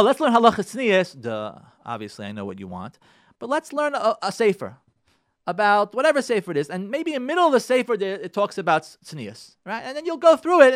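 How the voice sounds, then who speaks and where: A man, a rabbi on a radio show, urging his listeners in an impassioned talk, repeating his key points and swinging from loud pressing to soft pleading. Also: on the high side, dry recording, studio quality.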